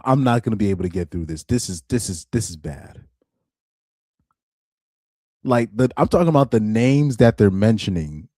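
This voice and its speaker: A man's voice: fairly low pitch, mellow, no room sound, clean studio sound. A young man on a live stream reacting to articles, laughing often, repeating himself and restarting his sentences in casual chat.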